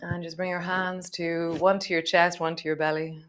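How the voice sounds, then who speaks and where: A woman guiding a live yoga class, chatty and relaxed, laughing at herself. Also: lowish voice, normal speed. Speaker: yoga teacher.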